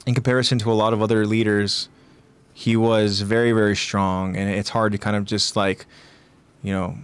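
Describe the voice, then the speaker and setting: Smooth-voiced man on a podcast. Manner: animated, acts out quoted lines with raised pitch; thinking aloud with many fillers and restarts. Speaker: podcast co-host. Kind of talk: casual podcast discussion.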